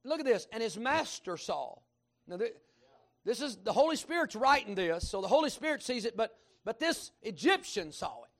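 A middle-aged man with a Kentucky accent preaching a sermon as pastor, folksy and animated, rising into shouts. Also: very high voice, moderate pace. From Kentucky, USA.

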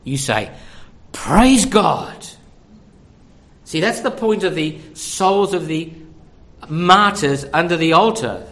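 A man's voice: fairly high pitch, expressive, a little slow, a bit bright. An older man preaching a sermon, conversational and full of rhetorical questions.

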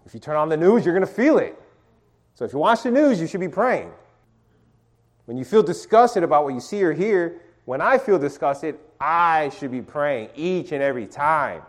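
A man's voice: on the high side, big pitch swings, normal speed. A middle-aged man leading an informal sermon and Bible study, calling on listeners to read verses aloud and talking with many restarts.

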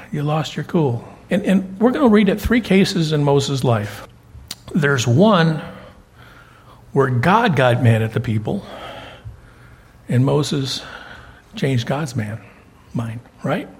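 A man's voice: fairly high pitch, expressive, slow, pauses often, breathy edge. An older man preaching a sermon as pastor, telling folksy stories and often repeating words as he goes.

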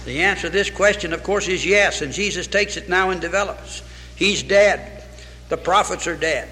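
A man's voice: high voice, normal speed, sharp tone. A man preaching a sermon with fervor, repeating phrases and quoting scripture in old English. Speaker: pastor. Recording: reverberant hall.

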